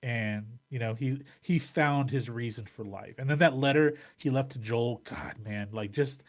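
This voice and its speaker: A man's voice: mid-range voice, moderate pace. A man hosts a casual podcast, talking through his thoughts in long rambling runs. He restarts sentences often and swears freely. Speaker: podcast host.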